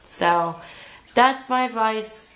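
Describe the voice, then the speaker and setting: A woman's voice: on the high side, extremely slow, sharp tone, poor audio. A young adult woman telling a storytime vlog, rambling along with lots of filler "like"s. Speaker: vlogger.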